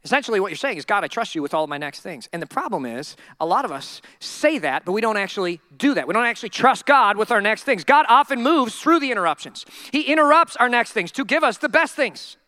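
A male pastor preaching a sermon in a humorous, animated storytelling way. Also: extremely high pitch, fast talker, few pauses, dry recording, clean studio sound.

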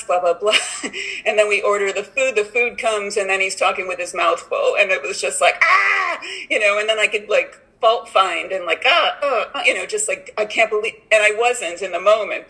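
A woman's voice: mid-range voice, sharp tone, poor audio. A woman sharing at an online recovery meeting in a rambling, casual way, full of "like" and "you know". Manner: rambling, many "like" and "you know" fillers, laughs often.

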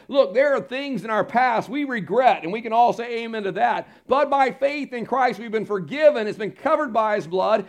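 A man preaches from the pulpit with a high, ringing voice. He drives points home with loud, drawn-out declarations, then drops to quiet, confiding asides to the congregation. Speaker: pastor. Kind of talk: sermon. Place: church sanctuary.

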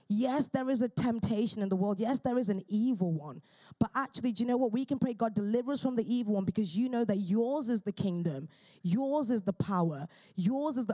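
Earnest woman preaching, mellow voice. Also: mid-range voice. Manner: earnest, fervent, with quick restarts. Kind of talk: sermon.

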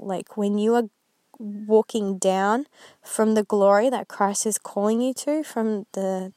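A woman's voice: medium pitch, a little mellow, no echo. A woman vlogger talking earnestly and rambling a little as she shares a Christian reflection, with many fillers. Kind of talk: casual faith reflection.

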